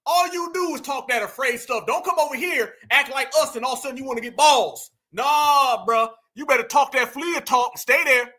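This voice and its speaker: A man hosting a heated reaction commentary, mocking, slangy and often breaking into shouts. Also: very high-pitched, brisk, few pauses. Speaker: commentary host reacting to clips.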